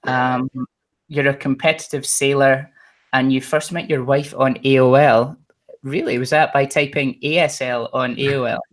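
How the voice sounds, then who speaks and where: A male webinar host who keeps things light, with a middle-pitched voice and a joking, teasing manner. He moves quickly between introductions and playful jabs at his guests. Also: fairly even intonation. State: energetic from caffeine. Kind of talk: casual panel introductions.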